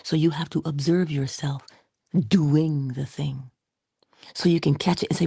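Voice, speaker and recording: Low gravelly-voiced woman livestreaming. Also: measured pace, no echo, studio quality. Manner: playful, drifts between whispery asides and animated quoted voices. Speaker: livestream host. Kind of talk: casual motivational livestream talk.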